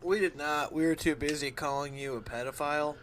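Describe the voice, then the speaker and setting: A man's voice: a little high, fairly even intonation, brisk, fairly bright tone, slight background noise. A man co-hosting a podcast, chatting loosely with laughter and fillers. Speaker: podcast co-host. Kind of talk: casual comedic chat.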